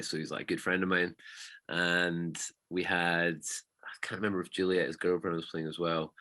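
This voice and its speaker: Man, low voice, bright tone, casual storytelling, animated, swears. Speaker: DJ guest.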